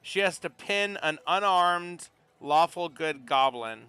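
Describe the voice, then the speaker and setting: A man's voice: on the high side, animated, slow, sharp tone, clean tone, no echo, faint music behind. A man running a tabletop game as game master, chatty, checking rules aloud with stumbles.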